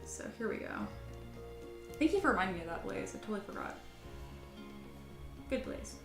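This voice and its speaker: A woman's voice: mid-range voice, sing-song, normal speed, creaky, echoey room, music in the background. A woman sculpting on a live stream, chatting casually with her viewers and reading their comments aloud, often poking fun at herself. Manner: chatty, self-deprecating, reads chat aloud.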